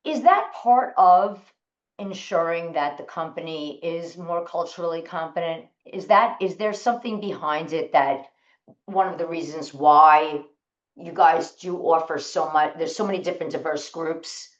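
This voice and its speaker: Host: woman with a lower voice, loose rambling questions, roomy lo-fi sound. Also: measured pace. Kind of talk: conversational interview. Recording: roomy, dull-sounding recording.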